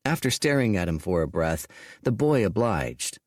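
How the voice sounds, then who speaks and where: A man reading an audiobook in a slow, deliberate and expressive narration. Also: fairly low pitch, dry recording, studio quality.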